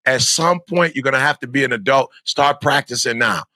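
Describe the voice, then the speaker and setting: A man's voice: medium pitch, brisk, bright, forceful tone, no room sound, studio quality. A middle-aged man giving an emphatic, repetitive motivational talk to young students, like a preacher. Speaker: motivational speaker.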